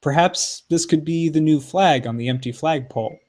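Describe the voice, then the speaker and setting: A man co-hosting a podcast, reading a poem aloud with expressive phrasing and playful asides. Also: on the high side, normal speed. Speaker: podcast co-host. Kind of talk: podcast poetry reading and discussion.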